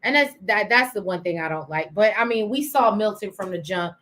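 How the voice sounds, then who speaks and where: A chatty woman, co-hosting a casual TV recap. She thinks aloud with frequent "um"s. She talks over a video call at a middle pitch. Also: expressive, fairly quick, fairly bright tone. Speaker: co-host of a TV recap show.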